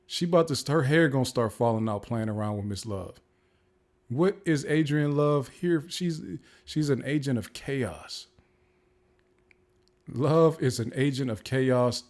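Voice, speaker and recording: A man hosting a podcast who reacts to courtroom footage in an animated, amused and slangy way. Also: medium pitch. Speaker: podcast host. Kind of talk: casual reaction commentary.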